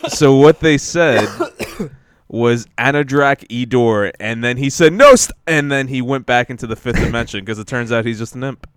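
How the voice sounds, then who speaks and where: A man's voice: mid-range voice, normal speed, clean tone, dry recording. A man hosting a casual podcast, joking in a laid-back way and laughing often. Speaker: podcast host. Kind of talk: casual chat.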